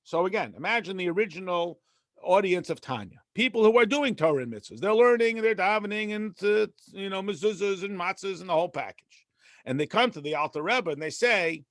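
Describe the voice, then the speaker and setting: A man's voice: high-pitched, fairly quick, no room sound, clean studio sound. A middle-aged man, a rabbi, teaching a conversational text lesson and acting out bits of dialogue. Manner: acts out dialogue with lively voices.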